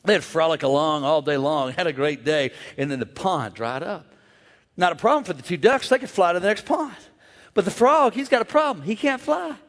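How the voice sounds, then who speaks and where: A male pastor preaching an animated sermon, rousing his listeners to answer back and acting out voices as he goes. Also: a little high, moderate pace. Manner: animated, call-and-response, acts out voices. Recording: echoey hall.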